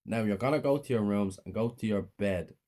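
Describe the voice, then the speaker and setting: A man reading a horror story puts on a cold, abusive mother who draws out her threats slowly in a raised, pinched voice. She scolds and menaces with every word. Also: fairly low pitch, mellow, close to an everyday voice. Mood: menacing. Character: cruel, cold, abusive mother, adult woman.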